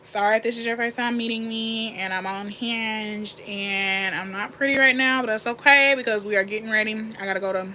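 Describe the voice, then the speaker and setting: Bright, candid young woman livestreaming. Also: on the high side, a little fast, hardly any pauses, a little hiss or hum. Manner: candid, rambling and animated, reads and answers chat. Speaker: livestream host. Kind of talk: casual get-ready-with-me livestream chat.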